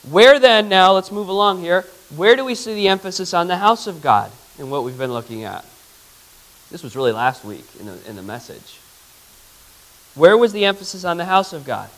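A man, a pastor, leads a Bible lesson in an easy, conversational way, often pausing to put questions to his congregation. His voice sits a touch higher than most men's. When he reads Scripture aloud, he slows right down. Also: animated, a bit bright, low-quality recording. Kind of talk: interactive Bible teaching.

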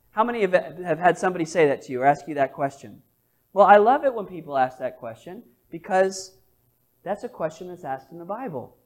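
Emphatic pastor preaching to a congregation. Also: male voice, sits high, animated, moderate pace. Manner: emphatic, questioning the congregation with rising repeated phrases. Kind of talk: sermon. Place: church service.

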